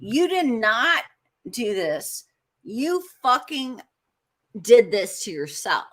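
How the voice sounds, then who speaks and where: A woman co-hosting a casual podcast on a video call, ranting heatedly and swearing constantly. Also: takes it slowly. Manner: lively, swinging pitch. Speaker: co-host.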